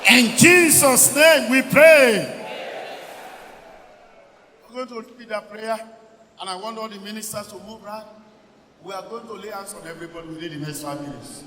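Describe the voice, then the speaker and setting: Commanding Nigerian pastor in echoey hall. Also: male voice, high-pitched, steady tone, fast, fairly bright tone. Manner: commanding, repetitive exhortation. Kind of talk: sermon prayer leading. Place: large church hall. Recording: echoey hall with crowd noise.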